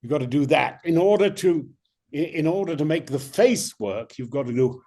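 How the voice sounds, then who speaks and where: An older male actor, a guest in an interview, telling animated stories with many restarts. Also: on the high side, normal speed. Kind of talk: interview anecdotes.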